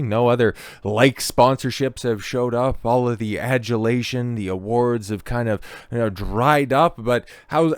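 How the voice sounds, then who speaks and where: A man's voice: medium pitch, clear, resonant tone, no room sound. A man hosting a reaction commentary who talks in a sarcastic, mocking and often profane way, checking in with "okay?" as he goes. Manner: repeats "okay?" and "right?" at the ends of phrases. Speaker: commentary host.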